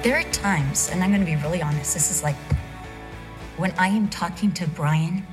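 A woman's voice: lowish voice, moderate pace, over music. A middle-aged woman giving a conversational teaching message, candid and humorous, full of asides. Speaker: women's Bible teacher.

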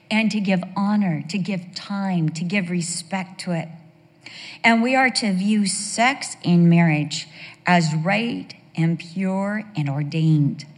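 Woman preacher, unhurried, emphatic, playful asides, long hall echo. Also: on the low side. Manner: emphatic, slows for key phrases, playful asides. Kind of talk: sermon.

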